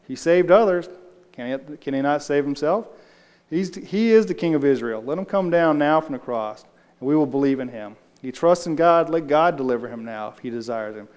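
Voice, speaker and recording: Man with a slightly higher voice running a relaxed Bible study, chatty and responsive, in a room with long reverb. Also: smooth. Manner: conversational, loose, answers the group as he goes. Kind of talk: casual Bible study teaching.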